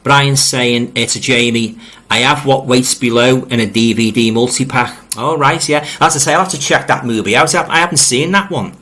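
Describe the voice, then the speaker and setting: There's slight background noise as a middle-aged Liverpool-accented man hosts an informal live stream, reading comments aloud, rambling, and repeating words when he restarts. His medium-pitched voice moves at normal speed with a bright, forceful tone, and he's friendly toward viewers, speaking to them directly.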